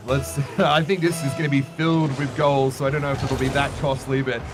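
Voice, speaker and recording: A man calls a video game match with quick, excitable play-by-play and a joking streak. Music plays clearly behind his voice. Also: medium pitch. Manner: energetic, jokey, excitable. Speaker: esports caster. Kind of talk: play-by-play commentary.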